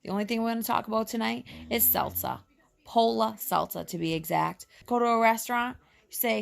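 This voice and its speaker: A woman's voice: fairly high pitch, animated, brisk, vocal fry. A woman with a Boston accent, ranting in a brash, comic way.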